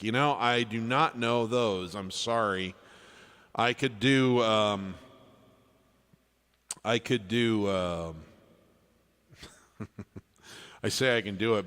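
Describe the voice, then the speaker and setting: A man's voice: fairly low pitch, big-room sound. A man hosting a live music stream, chatting casually and thanking viewers by name as he reads their requests. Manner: friendly, thanks viewers by name, trails off softly. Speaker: livestream piano performer reading chat requests. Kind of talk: casual livestream chat.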